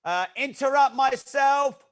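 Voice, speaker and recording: A man hosting a live-streamed masterclass, talking in an energetic, chatty way with jokey asides to his viewers. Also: very high voice, slow pace. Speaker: masterclass host. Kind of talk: live-streamed teaching talk.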